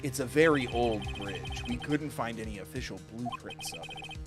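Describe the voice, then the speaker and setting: A man voicing a cool, composed male prosecutor in a low, measured voice. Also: music in the background, close to an everyday voice.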